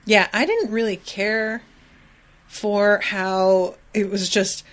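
Woman, podcast host, casual chat, lively delivery, middle pitch. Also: takes it slowly.

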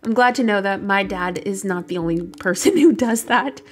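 A woman's voice: mid-range voice, normal speed. A young woman from the United States, chatting casually and laughing while streaming a video game. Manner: chatty, laughing, rambling with fillers.

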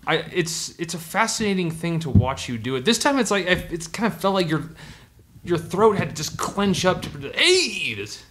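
A man's voice: sits high, lively intonation, normal speed, a bit bright. A man co-hosting a gaming podcast, teasing the host in casual chat. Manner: teasing, wry.

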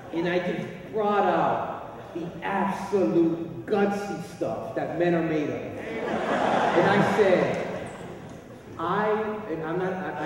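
A man preaching a sermon, telling a story in an animated way that swings between hushed asides and loud bursts. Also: sits high, noisy background. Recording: echoey hall recording from far off.

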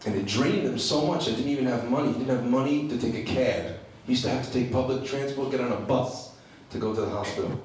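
A rabbi preaching to a women's group, emphatic and full of rhetorical questions and stories. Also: male voice, medium pitch, fast talker, darkish tone. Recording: very echoey room, distant mic, faint noise.

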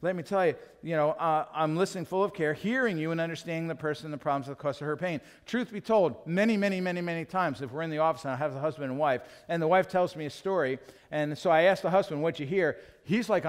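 A man preaching a sermon as pastor, animated and acting out little scenes as he teaches. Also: a little high, quick pace, few pauses, clear, resonant tone. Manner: animated, acts out quotes in other voices. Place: church. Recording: long reverb of a church hall.

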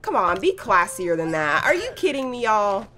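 A woman talks through her game in a loose, chatty way, reacting loudly to what happens on screen. Her pitch leaps around with plenty of expression, and a faint hiss sits underneath. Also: normal speed. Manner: chatty, excitable, gasps and laughs at the action. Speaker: gaming channel host. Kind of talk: casual let's-play commentary.

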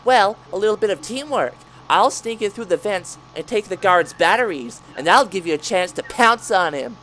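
A woman's voice: mid-range voice, expressive, moderate pace, fairly bright tone, slight background noise, lightly acted. A woman voicing a cheeky little boy animatronic in a cartoon, chirpy and sly. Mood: scheming.

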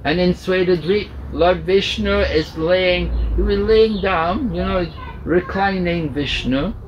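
A man's voice: high voice, slow, highs cut off, slight background noise. A man, a swami, telling a sacred story at a home gathering in a patient, repetitive way. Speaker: swami, spiritual teacher. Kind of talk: storytelling sermon.

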